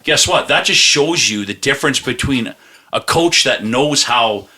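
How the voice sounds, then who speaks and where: Bright, forceful, and slightly rough, this man's medium-pitched voice moves in a lively way at a measured pace. As a podcast co-host in casual conversation, he tells meandering stories full of swearing and laughter, performing the quotes as he goes.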